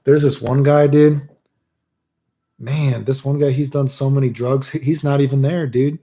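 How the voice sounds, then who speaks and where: A man's voice: mid-range voice, steady tone, normal speed, dark tone. A man streaming and telling stories in casual chat, rambling loosely and saying "dude" all the time. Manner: rambling, says "dude" constantly; loose, laid-back delivery with restarts.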